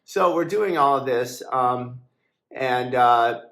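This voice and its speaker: A man's voice: mid-range voice, takes it slowly, creaky, a bit bright, roomy sound. A man, founder and editor of a website, talking casually and hesitantly, with many fillers and restarts, in an aggrieved, complaining way. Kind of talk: casual monologue to camera.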